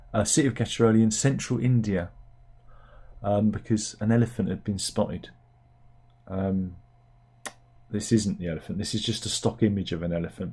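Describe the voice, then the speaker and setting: A lowish, mellow voice with a slight roughness comes from a UK comic news show host. He rambles along wryly, as though thinking aloud, with frequent fillers and restarts.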